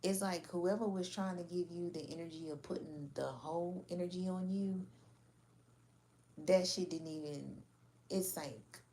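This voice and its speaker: A woman's voice: fairly low pitch, measured pace, dark tone, a little hiss or hum. A woman giving a casual spoken reading in a blunt, slangy, frank manner. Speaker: tarot reader.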